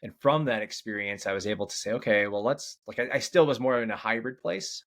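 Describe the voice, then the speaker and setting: Gravelly-voiced man telling stories. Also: fairly low pitch, brisk, a bit bright. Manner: rambling, with many restarts and "right?". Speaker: podcast guest, change coach. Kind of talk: casual storytelling in an interview.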